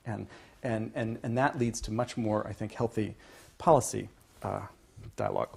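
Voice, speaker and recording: A male economics professor giving a university lecture, checking in with "okay?" and restarting phrases, pushing some points louder and letting others trail off. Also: on the low side, normal speed, vocal fry, slightly rough. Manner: emphatic, builds to louder points then trails off. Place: lecture classroom.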